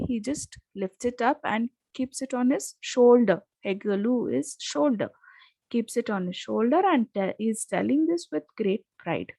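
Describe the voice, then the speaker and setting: A woman's voice: a little high, dark tone, no room sound. A woman explaining a children's language lesson, translating word by word with frequent hesitations. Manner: explains word by word, switching between reading and translating. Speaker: teacher.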